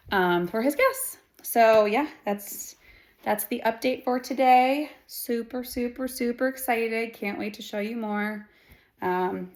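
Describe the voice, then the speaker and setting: A young woman working as an interior designer, narrating a casual home renovation vlog indoors in a chatty, upbeat way full of fillers. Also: medium pitch. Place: house under renovation, indoors.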